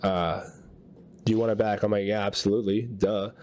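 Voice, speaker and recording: A man's voice: lowish voice, brisk. A man co-hosting a podcast, telling a long story in casual chat and acting out what people said. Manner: animated storyteller acting out quotes. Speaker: podcast co-host.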